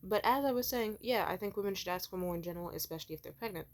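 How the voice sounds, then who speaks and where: A woman's voice: on the low side, very fast. A young woman hosting a commentary rant, profane and heated, acting out quoted people in raised voices. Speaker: commentary host. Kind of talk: ranting commentary.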